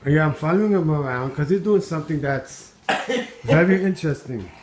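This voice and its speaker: A man's voice: fairly high pitch, fairly quick, noisy background. A man at home, filming his dog on a handheld camera and giving amused running commentary with frequent exclamations and chuckles. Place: at home indoors.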